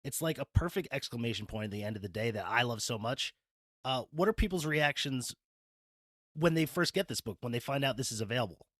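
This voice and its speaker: A man's voice: medium pitch, expressive, brisk, a bit bright, no room sound, clean studio sound. A man hosting a podcast, chatting enthusiastically and playfully with his guest. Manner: enthusiastic, playful, laughs easily. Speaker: podcast host. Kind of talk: casual interview chat.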